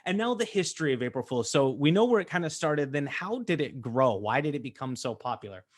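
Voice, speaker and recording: A man's voice: medium pitch, lively intonation, fairly quick. A man in his thirties from the United States, hosting a casual training webinar in a chatty, upbeat way with fillers and asides. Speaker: host.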